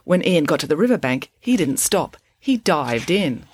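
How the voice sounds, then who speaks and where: A woman reading a children's chapter book aloud in an expressive storytelling voice, close to the microphone. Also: sits low, normal speed, husky. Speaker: audiobook reader.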